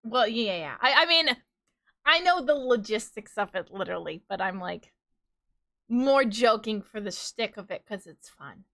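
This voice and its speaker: Bright-voiced chatty woman with a New York accent. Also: a little high, animated, normal speed, vocal fry. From New York, USA. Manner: chatty, rambling, laughs often, riffs in playful quoted voices. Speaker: streamer. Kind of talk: casual live-stream chat with viewers.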